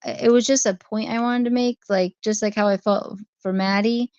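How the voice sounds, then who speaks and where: A woman's voice: mid-range voice, steady tone, normal speed, a little mellow, clean tone, dry recording. A woman hosting a casual livestream, talking through her viewers' chat comments one by one. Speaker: livestream host. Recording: dry, dull lo-fi stream audio.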